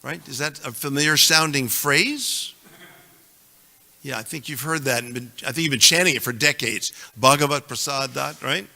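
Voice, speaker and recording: A man's voice: mid-range voice, moderate pace, vocal fry, bright, forceful tone, long reverb tail. A man teaching a class on scripture, reciting verses with emphasis and making joking asides to his audience. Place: temple hall.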